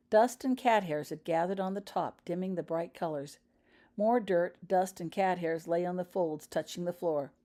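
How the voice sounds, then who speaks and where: Female narrator, lowish mellow voice, measured storybook read. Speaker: author reading her own fan fiction. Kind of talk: audiobook-style story narration.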